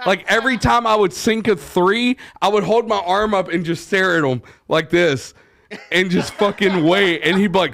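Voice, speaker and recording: A man, telling stories in a casual podcast chat and swearing freely as he acts out loud quotes. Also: high-pitched, normal speed. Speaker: podcast host.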